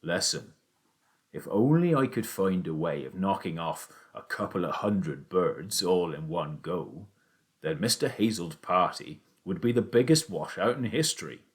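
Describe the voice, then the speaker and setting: A man voicing a scheming, excitable father as he reads a children's audiobook aloud; the father talks low and conspiratorial, then gets worked up. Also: unhurried. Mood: hushed. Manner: hushed and conspiratorial, then rousing.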